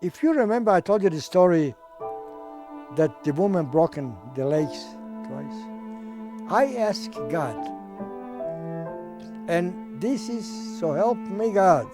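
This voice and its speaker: An older man giving oral history testimony in non-native English, halting and pausing to search for words. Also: high voice, expressive, over music. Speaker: Holocaust survivor giving testimony.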